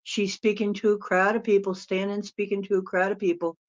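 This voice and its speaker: A woman's voice: mid-range voice, flat delivery, brisk. A woman hosting a casual live-stream Q&A as a spiritual channeler, chatting in a rambling way and laughing often. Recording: dull lo-fi sound.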